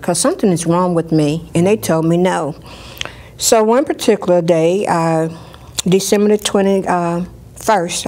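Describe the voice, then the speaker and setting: Woman, lower register, warm storytelling in an interview, quotes people vividly. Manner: lively storytelling, acting out others' words. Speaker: storyteller sharing her life. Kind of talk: personal story told in an interview.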